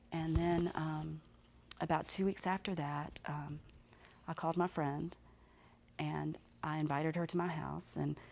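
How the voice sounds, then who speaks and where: A woman telling her personal faith testimony to an audience in an animated, conversational way with self-deprecating humor. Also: lowish voice, gravelly. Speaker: speaker giving a personal testimony. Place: standing before a live audience.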